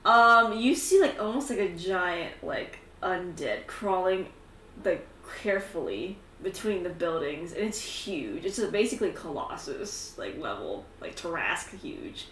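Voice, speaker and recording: A woman runs a tabletop game in a bright, animated voice. Her lines sound roomy and picked up from some distance off the mic. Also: on the low side, measured pace, slight background noise. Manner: animated, lots of "like" fillers, laughing often. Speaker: game master. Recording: echoey room, mic at a distance.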